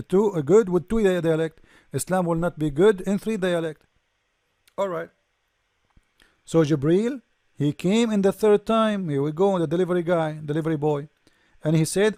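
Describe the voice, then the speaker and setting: Male host, high voice, dry close sound, sarcastic and mocking, frequent restarts. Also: normal speed, long pauses, darkish tone, dry recording. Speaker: debate show host. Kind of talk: polemical commentary reading from a screen.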